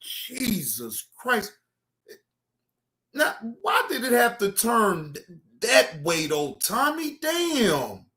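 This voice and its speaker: Slow-talking bright-voiced reaction host. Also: male voice, very high-pitched, huge pitch swings. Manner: slow, rambling, exasperated asides. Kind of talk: casual reaction commentary.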